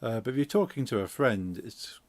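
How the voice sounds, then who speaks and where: A man's voice: mid-range voice, very animated, a little fast, darkish tone, dry recording. A man with an English Midlands accent, hosting a game stream and chatting casually, rambling through explanations with lots of fillers. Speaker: streamer host. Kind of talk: casual chat while gaming.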